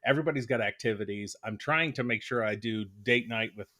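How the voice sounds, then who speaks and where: Halting male podcast co-host, bright voice. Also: fairly low pitch. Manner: halting, with many restarts and fillers while searching for words. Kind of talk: casual podcast conversation.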